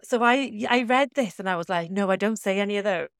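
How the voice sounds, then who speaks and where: A woman's voice: mid-range voice, fairly quick, clear, resonant tone, dry recording, studio quality. A British woman co-hosting a podcast, chatting casually and laughing often at herself. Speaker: podcast co-host. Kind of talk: casual chat.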